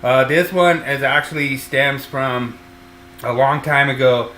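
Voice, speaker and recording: A man's voice: mid-range voice, a little slow, pushed and bright, slight background noise. A man hosting a podcast as an electrician, talking casually and rambling with lots of fillers and restarts. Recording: roomy echo.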